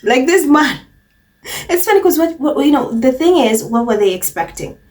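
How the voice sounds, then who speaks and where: A woman with a slightly high voice hosts a celebrity gossip commentary. She talks in a mocking, conversational way and hammers points home by repeating short phrases. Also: sing-song, moderate pace, a little mellow, distant mic. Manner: mocking, repeats phrases for emphasis, often laughs. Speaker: commentary channel host.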